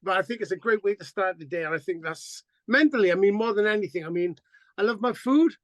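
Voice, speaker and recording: High-voiced animated middle-aged man. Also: quick pace, no room sound. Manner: animated, profane, acts out quotes. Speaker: band singer, interview guest. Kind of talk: casual interview storytelling.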